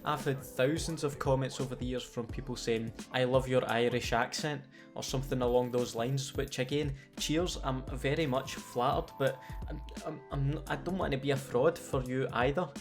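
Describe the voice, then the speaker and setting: A Scottish man talking in a sardonic, sweary way, with a playful storytelling manner. He sounds like a gaming YouTuber reading a scripted comedic commentary, his pitch sitting in an ordinary middle range. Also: fairly even intonation, normal speed, faint music behind. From Scotland.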